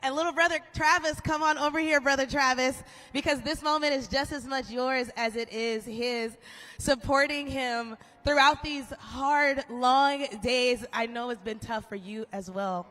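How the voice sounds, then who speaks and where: Woman interviewer, high and bright, encouraging, handheld mic in an indoor arena. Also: a little slow. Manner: encouraging, upbeat questions. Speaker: trackside interviewer. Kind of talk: live interview.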